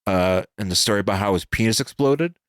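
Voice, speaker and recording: A man's voice: fairly low pitch, a little fast, a bit bright, clear, resonant tone, no echo, studio quality. A man co-hosting a podcast, rambling through pop-culture asides and laughing often. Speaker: podcast co-host. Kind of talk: casual comic chat.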